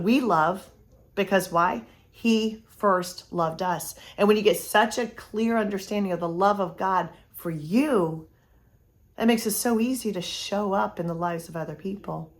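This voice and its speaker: Earnest middle-aged woman, a little lower voice, motivational faith talk for moms, soft hushed asides. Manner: earnest storytelling, drops to a hush for tender moments. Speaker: host of a course for mothers.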